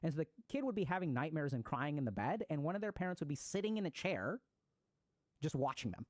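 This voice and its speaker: A man's voice: on the high side, sing-song, fast talker, dry recording. A man giving a recorded talk on psychology, explaining ideas and acting out everyday examples. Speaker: mental health speaker. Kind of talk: recorded talk on attachment styles.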